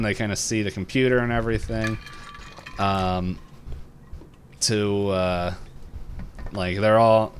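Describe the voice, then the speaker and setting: A man co-hosting a podcast, casually retelling a cartoon episode with lots of fillers and quick quoted lines. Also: fairly low pitch, a little hiss or hum. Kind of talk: casual chat.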